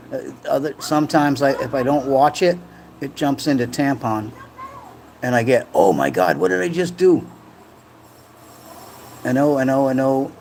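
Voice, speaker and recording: A man's voice: mid-range voice, a little mellow, slight background noise. A man from Rhode Island hosting a casual livestream, rambling and joking as he reads chat comments aloud. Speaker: livestream host. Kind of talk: casual live-stream chat. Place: home room in the Philippines.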